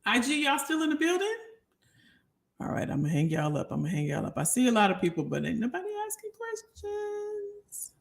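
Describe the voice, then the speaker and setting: Talking quickly and with lots of animation, a middle-aged woman chats casually and warmly with her live audience, frequently circling back to the same phrases. Her pitch is mid-range.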